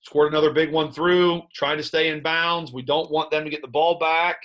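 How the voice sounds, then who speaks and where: A man who coaches high school football, breaking down game film in conversation and telling animated stories about his players and staff. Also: moderate pace. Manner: animated storyteller recounting sideline moments; plain coaching talk about play calls.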